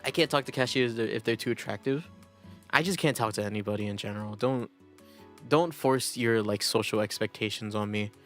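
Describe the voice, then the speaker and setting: A man's voice: on the low side, fairly quick, fairly bright tone, faint music behind. A young man chatting casually on a livestream, rambling and self-deprecating, often breaking into laughter. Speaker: streamer.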